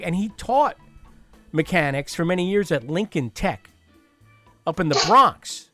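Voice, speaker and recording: A man hosts a casual podcast chat, joking and rambling with plenty of fillers. His voice sits a bit high for a man. Faint music plays behind him. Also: animated, moderate pace, fairly bright tone. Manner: chatty, jokey, with many fillers and restarts. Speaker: podcast host.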